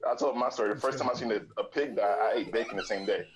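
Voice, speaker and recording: A man's voice: medium pitch, racing, noisy background. A man telling a funny family story in a casual group voice chat.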